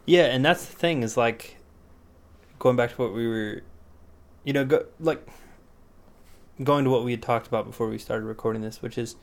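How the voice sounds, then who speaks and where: A young man in casual podcast chat, swearing freely as he talks. His voice sits at an ordinary middle pitch, and he throws himself into animated retellings. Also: normal speed, pauses often. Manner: profane, animated storytelling. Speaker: podcast co-host. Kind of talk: casual conversation.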